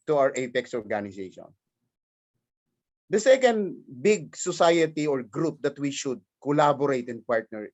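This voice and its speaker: A man from the Philippines with a Filipino accent, giving an emphatic formal speech at a virtual forum and repeating his key points. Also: a little high. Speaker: cooperative leader giving remarks.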